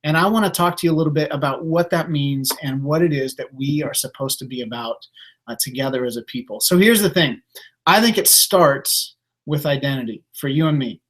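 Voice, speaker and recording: A man preaching a casual, conversational sermon, with many fillers and restarts. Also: mid-range voice. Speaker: pastor.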